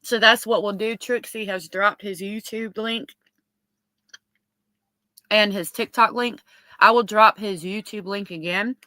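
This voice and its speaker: A woman's voice: medium pitch, sharp tone, dry recording. A woman hosting a casual livestream, reading chat messages aloud and chatting with lots of ums. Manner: chatty, filler-heavy with many ums. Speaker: livestream host.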